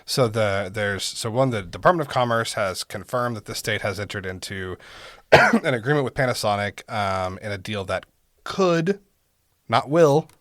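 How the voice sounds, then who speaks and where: A man co-hosting a casual political podcast, reading news and then getting worked up and loud as he argues. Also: fairly low pitch, moderate pace, no echo, clean studio sound. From Oklahoma. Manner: gets worked up, rising loud and animated. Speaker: podcast co-host.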